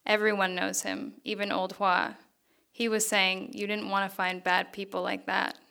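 Quiet young male photographer, friendly and a little sly, as a woman reads him: steady, bright, crisp tone, flat delivery with a touch of gravel. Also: mid-range voice, normal speed. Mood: quietly friendly. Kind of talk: reading fiction aloud.

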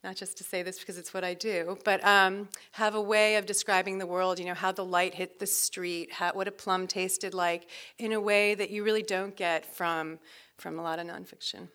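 Woman author, panel chat: bright, clear voice, quick, lots of ums. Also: medium pitch, little pitch movement. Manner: quick, with many fillers. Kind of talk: casual panel talk.

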